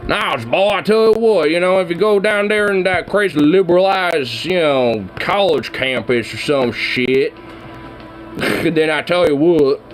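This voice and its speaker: A man's voice: a little high, measured pace, faint music behind, voice pushed up, natural voice. A man voicing a lecturing Southern good-ol'-boy with a mock Southern twang and an exaggerated, folksy drawl.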